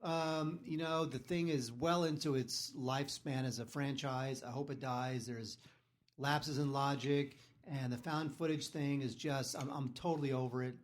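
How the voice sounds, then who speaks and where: A man hosting a podcast, reviewing movies in casual chat in a sardonic, halting way with lots of fillers. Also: mid-range voice, steady tone. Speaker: podcast host, film reviewer.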